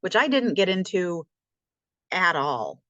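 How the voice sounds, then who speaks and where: A chatty, self-deprecating woman talks through what she has learned, with a lowish voice. The sound is dull and lo-fi, dry and close with no room echo. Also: sing-song, slow pace, fairly bright tone. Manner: chatty, self-deprecating, reads aloud from textbook. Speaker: self-taught math vlogger. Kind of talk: casual reflective vlog.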